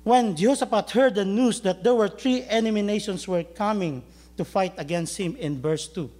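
High-voiced pastor preaching a sermon. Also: male voice, normal speed, darkish tone. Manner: storytelling, joking with the congregation.

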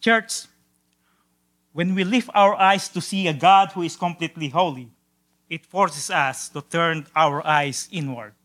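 A man preaching with a high, bright, ringing voice. He swings between near-whispered solemn lines and loud, stretched-out exclamations, and stumbles and repeats words now and then as he goes. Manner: drawn-out emphatic quotations. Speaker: pastor. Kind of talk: sermon.

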